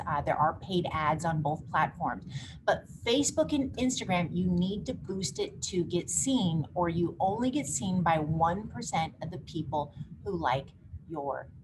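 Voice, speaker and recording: A woman hosting a live online marketing workshop, coaching emphatically. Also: medium pitch. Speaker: workshop host. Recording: noisy background hiss.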